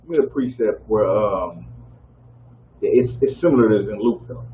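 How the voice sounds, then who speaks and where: A man's voice: expressive, moderate pace, warm tone. A man teaching a scripture lesson to a group in a preaching style, drawing call-and-response from the room. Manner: call-and-response, keeps asking "y'all with me?". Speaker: teacher leading a scripture class. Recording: roomy, dull low-fi audio with faint background noise.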